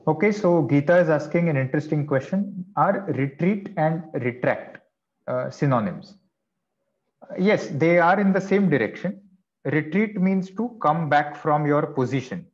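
A man's voice: on the high side, expressive, measured pace, dull audio. A man teaching vocabulary in an online class, explaining patiently with chatty asides. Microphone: video call.

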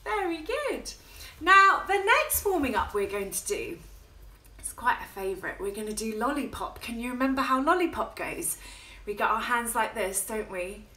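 A woman leading a toddler music class in a coaxing, sing-song manner, swooping between high and low notes. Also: big pitch swings, moderate pace, bright, forceful tone. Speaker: children's music teacher. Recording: echoey room with ukulele playing.

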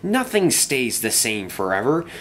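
A man's voice: medium pitch, sing-song, a little slow, a bit bright, slight background noise. A man voicing a smug, menacing male diesel engine who talks in a sneering, theatrical way.

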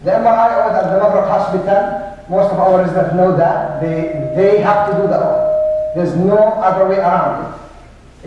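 A man's voice: sits high, a little mellow, lo-fi sound. Man lecturing in an echoey hall. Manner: halting, many fillers, dry jokes. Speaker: neurologist lecturer. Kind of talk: medical lecture. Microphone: room mic, often away from it. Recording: echoey hall from far off, faint noise.

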